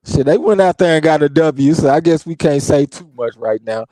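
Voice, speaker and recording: A man's voice: fairly high pitch, expressive, moderate pace, warm tone, no echo, rough recording. A man co-hosting a casual boxing talk stream, blunt and profane as he argues his opinions. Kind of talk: casual chat.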